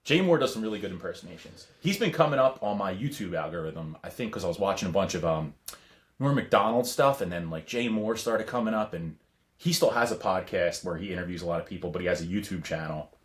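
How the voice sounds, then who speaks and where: A man in his thirties with a fairly low voice, chatting casually on a podcast. He rambles through long stories and breaks into laughter often. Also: lively intonation, quick pace. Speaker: podcast co-host. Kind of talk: casual chat.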